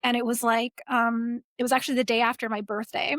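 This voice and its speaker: A young woman, a podcast guest, telling a personal story in a casual, animated way, laughing often and saying "like" a lot. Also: fairly high pitch, fairly quick, no echo, clean studio sound. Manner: animated, laughs often, many likes and restarts.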